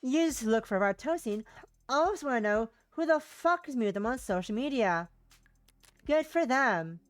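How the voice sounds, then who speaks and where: A woman's voice: on the high side, expressive, moderate pace, no echo. A woman streaming a game, reading its text aloud and chatting casually, swearing freely as she thinks aloud.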